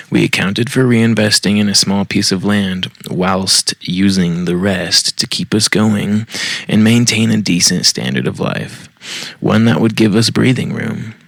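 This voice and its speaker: A man's voice: low voice, gravelly, fairly bright tone, no echo. A man hosting a podcast, reading a post aloud and breaking off with blunt, profane, mocking asides. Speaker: podcast host.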